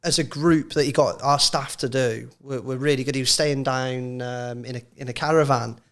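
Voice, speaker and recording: A man's voice: mid-range voice, moderate pace. A man, a former club physio, telling stories with lots of laughter in a casual podcast chat. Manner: animated storyteller, laughs often.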